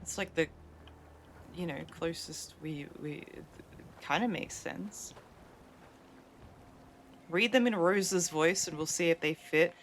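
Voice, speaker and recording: A woman's voice: on the low side, slow pace, long pauses, slight background noise. A woman live-streaming a game, chatting casually, thinking aloud and poking fun at herself.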